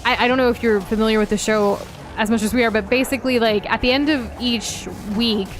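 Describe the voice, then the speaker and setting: A woman co-hosts a gaming stream, chatting casually and greeting viewers, her talk full of likes, ums and frequent giggles. Her voice is fairly high, with fairly even intonation, and she speaks a little fast.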